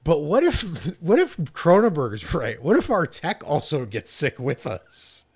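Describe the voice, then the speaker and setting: Guy on a movie podcast, kinda high and gravelly, gets really into it, laughs a lot. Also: unhurried. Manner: animated, swears, laughs often, acts out voices. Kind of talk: casual film discussion.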